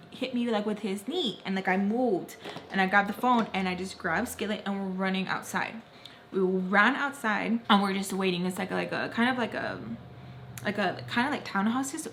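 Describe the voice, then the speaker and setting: Animated young woman telling a story. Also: medium pitch. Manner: animated storytelling, acts out quoted voices. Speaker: vlogger. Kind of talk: storytime while doing makeup. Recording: faint background noise.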